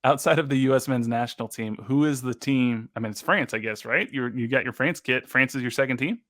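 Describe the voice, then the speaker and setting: A young man co-hosting a casual sports podcast, recapping soccer matches play by play with quick asides. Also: mid-range voice, fairly bright tone, no echo. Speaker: co-host.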